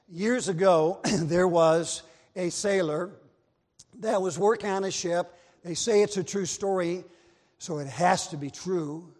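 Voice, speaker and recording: A male preacher delivers an emphatic sermon and hammers his points home with repetition. His voice sits high and carries a long reverb, as in a church sanctuary. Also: darkish tone. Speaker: Baptist preacher. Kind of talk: sermon with storytelling. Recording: long reverb of a large hall.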